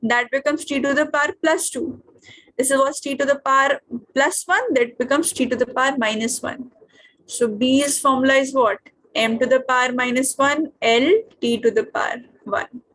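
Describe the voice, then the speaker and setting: A high-pitched woman with an Indian English accent teaches a physics class over a video call. She keeps stopping to ask her students what comes next and whether it is clear. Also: a bit bright. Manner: questioning, checks understanding often.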